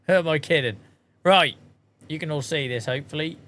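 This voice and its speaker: Chatty streamer man, bright tone. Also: fairly high pitch, brisk. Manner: chatty, self-mocking, swears casually. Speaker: game streamer. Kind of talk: casual livestream chat.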